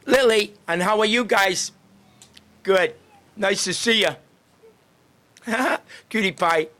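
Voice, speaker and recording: A man's voice: high voice, slow pace, bright, forceful tone. A man working as a street greeter and podcast host, chatting casually and cheerfully with passersby outdoors on a town street and laughing often.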